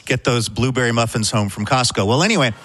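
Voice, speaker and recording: A man's voice: mid-range voice, fast talker, fairly bright tone. A middle-aged man hosts from a radio studio, spinning a light news item into a chatty story. His humor is wry and self-mocking, and he slips jokes in as he goes. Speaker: radio show host. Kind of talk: chatty storytelling with comic asides.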